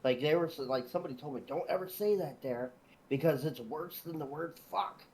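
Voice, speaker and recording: A man with a somewhat raised pitch tells jokey stories in casual chat, chuckling along the way. His talk rambles and restarts in an easygoing manner. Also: a little fast, a little mellow, poor audio.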